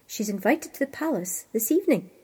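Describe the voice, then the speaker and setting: A woman voicing a pompous, excitable male lord in waiting at a royal court. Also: fairly high pitch, a little fast, husky.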